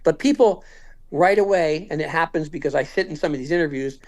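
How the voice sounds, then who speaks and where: A man's voice: on the high side, a little fast. A man in his fifties telling a story in casual conversation, acting out what each person said. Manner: animated, acts out quoted dialogue. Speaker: podcast guest.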